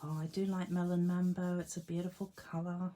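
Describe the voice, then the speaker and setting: A woman's voice: lowish voice, flat delivery, fairly quick, mellow. A woman demonstrating card making in a casual tutorial at her home craft desk, chatting to herself and her tools and laughing at her own jokes.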